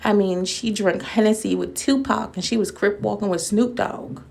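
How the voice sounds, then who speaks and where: A woman's voice: mid-range voice, fairly even intonation, normal speed, gravelly, a little mellow, a little hiss or hum. Sarcastic woman doing casual commentary. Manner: sarcastic, mocking, laughs often; speaks directly to her audience as friends. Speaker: commentary YouTuber.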